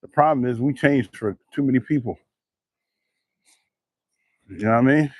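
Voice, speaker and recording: A man telling a story in a profane, animated casual rant. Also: mid-range voice, moderate pace, no room sound. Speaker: vlogger.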